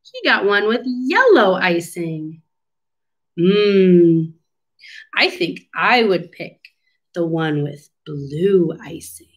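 Woman, storytime reading for kids, very slow and drawn out, lively sing-song pitch, asks the children questions. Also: muffled recording. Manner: slow, animated, questioning children and pausing for answers. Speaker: speech therapist reading a storybook. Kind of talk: read-aloud storytime lesson for children.

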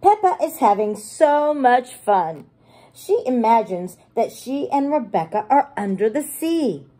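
A preschool teacher reading a picture book aloud to young children, animated and gushing as she talks to them. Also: a little high, unhurried.

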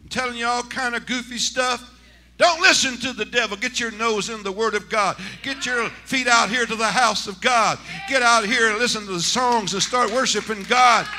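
A man, a senior pastor, preaching a Pentecostal sermon in church, dropping to hushed talk and rising to shouted exclamations. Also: very high-pitched. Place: church sanctuary.

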